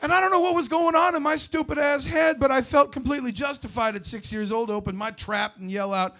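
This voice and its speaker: A man in his forties doing a stand-up comedy set, brash and loud with crude storytelling. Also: very high-pitched, fast talker. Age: 40s.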